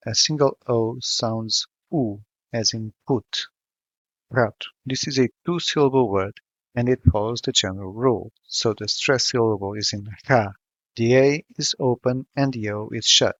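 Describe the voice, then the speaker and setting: A man narrating a scripted pronunciation lesson, slowing down to model each example sound with care. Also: mid-range voice, fairly bright tone, no echo. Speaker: language tutor. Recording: dull, lo-fi and dry voice-over.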